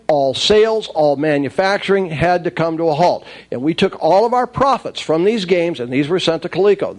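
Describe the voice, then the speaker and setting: High-voiced man telling wry stories. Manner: wry, lively storyteller acting out dialogue. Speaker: speaker recounting his toy industry career. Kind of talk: anecdotal storytelling talk.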